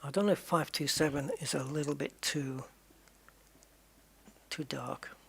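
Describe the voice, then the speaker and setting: A man's voice: a little high, fairly quick, vocal fry, fairly bright tone, a little hiss or hum. A man streaming a racing game, musing aloud and chatting to viewers with jokey asides. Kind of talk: casual live-stream chat.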